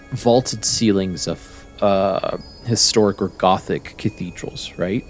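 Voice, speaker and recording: A man's voice: lowish voice, animated, unhurried, hardly any pauses, faint music behind. A man narrating as game master of a tabletop game, describing scenes in detail and searching for words as he goes.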